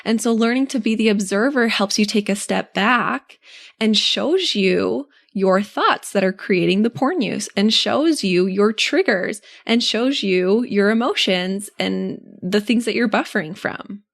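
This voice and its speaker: An earnest young woman hosts a solo coaching podcast, speaking straight to her listeners. Her mid-range voice carries a steady gravelly fry. She plays out inner thoughts in a light, encouraging way. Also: mid-range voice, unhurried.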